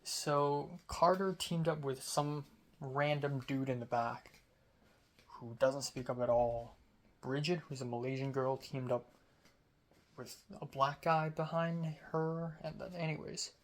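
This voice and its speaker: A young man from Hong Kong talks through his day in a casual vlog. His voice sits a little high, and he sounds sleepy as he rambles slowly with plenty of fillers. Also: steady tone. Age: young adult. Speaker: student vlogger.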